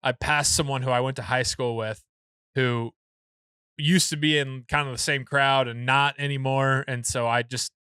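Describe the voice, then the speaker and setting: A man in his thirties, a podcast co-host, telling a rambling, animated story full of fillers and restarts in casual chat. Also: mid-range voice, moderate pace, clear, resonant tone, no room sound.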